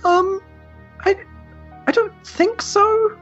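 A woman's voice: very high voice, steady tone, drawn-out words, muffled recording, faint music behind, voice pushed up, exaggerated voice. A woman voicing a shaken woman just freed from possession, talking hesitantly and stammering. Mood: uneasy.

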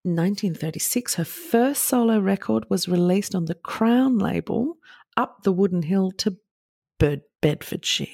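Woman, podcast co-host, gravelly tone, dry close mic, chatty, jokey. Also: medium pitch, animated, moderate pace, dark tone, no room sound. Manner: chatty, laughs, breaks into jokey voices. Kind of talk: casual chat, reading history notes.

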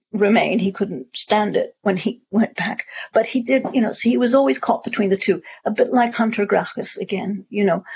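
A woman's voice: on the high side, a little mellow, breathy edge. A woman answering audience questions at a talk, discursive, with many fillers and restarts. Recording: muffled lo-fi audio.

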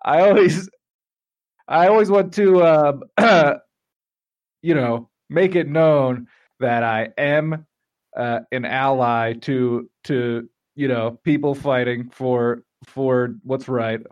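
A man's voice: mid-range voice, fairly even intonation, takes it slowly, dry recording, dull audio. Rambling, laughing male podcast host. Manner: rambling storyteller, laughs often. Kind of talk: casual chat.

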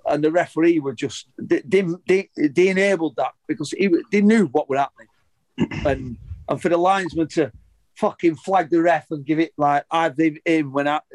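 A middle-aged former footballer, telling a story in an interview in a heated, sweary, rambling way with many restarts. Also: male voice, a little high, moderate pace, darkish tone, no echo, low-quality recording.

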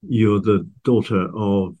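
A man hosting an interview, asking questions in a relaxed, conversational way. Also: fairly low pitch, takes it slowly, lo-fi sound. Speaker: podcast host.

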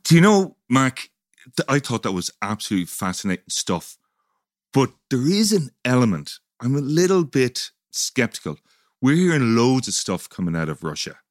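A man's voice: mid-range voice, sing-song, no echo, clean studio sound. A man co-hosting a podcast, curious and questioning in casual chat. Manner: curious, questioning, quick to agree. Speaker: podcast co-host.

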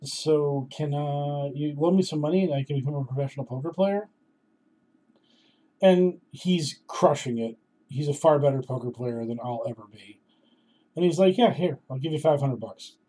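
A man's voice: fairly high pitch, normal speed, dark tone. A man in his thirties telling a casual personal story in a wry, self-deprecating way.

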